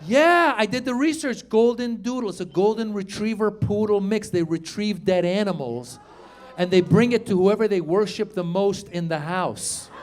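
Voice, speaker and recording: High-pitched animated comedian, middle-aged man. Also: moderate pace, a little hiss or hum. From Iran. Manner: animated storytelling, acting out loud shouted quotes. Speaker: stand-up comedian. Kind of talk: stand-up comedy set. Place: comedy club stage with live audience.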